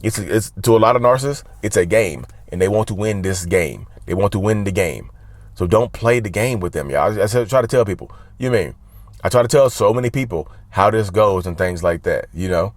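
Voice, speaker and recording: A man's voice: lowish voice, animated, a little fast, no echo. A man hosting a casual advice monologue, driving his points home by repeating key words and calling his viewers "y'all.". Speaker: mental health channel host.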